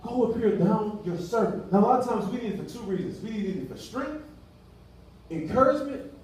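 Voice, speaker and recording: A man's voice: high voice, lively intonation, a little fast, a little mellow, soft background music. A man preaching a sermon in a casual, colloquial way, acting out dialogue as he goes. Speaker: pastor. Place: church hall. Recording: echoey room from far off the mic.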